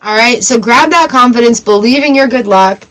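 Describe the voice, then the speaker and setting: A young woman reads tarot on a live stream and chats between cards. Her voice sits a little high, and she tells her stories with lively energy and plenty of laughs. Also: normal speed, rough recording. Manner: animated storyteller, laughs often. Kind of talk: casual live-stream chat.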